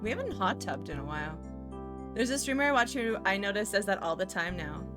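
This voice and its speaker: A woman's voice: mid-range voice, animated, a little fast. A woman from Toronto, hosting a casual livestream and rambling with jokes and frequent laughs as she works on pixel art. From Toronto, Canada. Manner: rambling, jokey, laughs often. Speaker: livestream host. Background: faint music.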